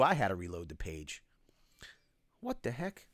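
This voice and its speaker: A man hosts a casual livestream Q&A, calling out viewers' names and answering their questions. His pitch swings widely and he sounds animated. The recording is dry and close, with no room sound. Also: a little slow, dry recording. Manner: animated, reads chat names aloud, shout-outs. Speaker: livestream host. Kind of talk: casual livestream Q&A, reading chat.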